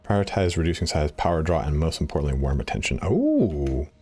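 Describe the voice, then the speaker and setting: Excitable swearing man streaming a game. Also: fairly quick, breathy edge. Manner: excitable, swearing, pitch jumps up high when worked up. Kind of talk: casual live-stream chat.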